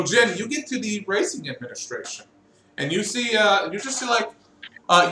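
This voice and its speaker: A man narrating as game master of a tabletop game, lively and quick to laugh, shouting in big moments. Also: a little high, roomy sound, a little hiss or hum, low-quality recording.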